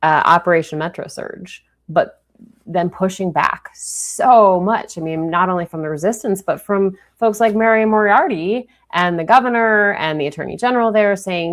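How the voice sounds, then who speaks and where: A woman with a Minnesotan accent co-hosts a live political talk show. Her voice sits a little low, and she talks in a chatty, animated way, with quick asides. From Minnesota, USA. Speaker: co-host.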